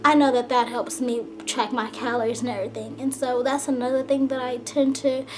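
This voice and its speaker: A young woman talking fast and a little out of breath, chatting casually to her camera, full of "like" and "you know.". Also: high voice, a little hiss or hum. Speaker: vlogger.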